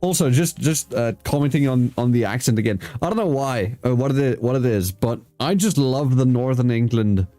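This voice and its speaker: A man's voice: medium pitch, moderate pace, hardly any pauses, dark tone, dry recording, faint music behind. Casual, swearing male podcast host. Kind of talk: casual chat.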